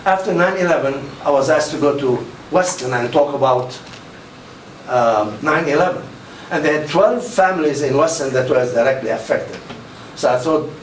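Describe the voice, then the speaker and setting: An older man giving a public lecture, telling anecdotes and acting out the quoted dialogue with animation. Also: mid-range voice. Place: mosque hall. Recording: roomy, distant mic with faint noise.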